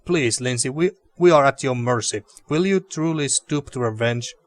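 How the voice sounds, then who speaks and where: A man voicing an older male teacher, gentle and pleading, in a measured, earnest reading of game dialogue. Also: mid-range voice, no room sound, studio quality, close to an everyday voice.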